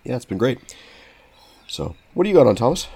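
A man's voice: mid-range voice, very animated, brisk, creaky, mellow, husky. A man co-hosting a podcast, chatting casually and enthusiastically. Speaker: podcast co-host. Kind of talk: casual chat.

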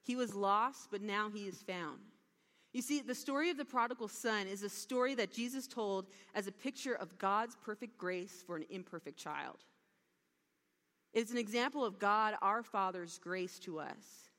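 A woman giving a sermon, retelling a parable with lively storytelling and acted-out lines. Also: medium pitch, normal speed. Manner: animated storytelling with acted-out dialogue. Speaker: preacher. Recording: long hall reverb.

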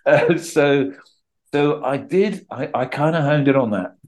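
A middle-aged Englishman talking casually as a podcast guest, telling animated stories and acting out quotes. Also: a little high, unhurried. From England. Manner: chatty, animated storytelling with acted-out quotes. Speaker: guest actor.

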